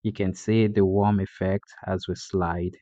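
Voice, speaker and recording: Man, low voice, tutorial narrator, plain delivery with "uh" fillers; dull lo-fi voice-over. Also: unhurried, no room sound. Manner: plain, steady explaining with frequent "uh" fillers. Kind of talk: screen-recorded coding tutorial voice-over.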